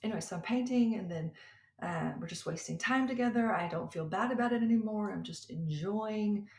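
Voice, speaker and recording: A woman podcast host and coach in her thirties, telling a personal story in a chatty, animated way that often breaks into laughter. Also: mid-range voice, a little fast. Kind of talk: casual storytelling monologue. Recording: roomy echo.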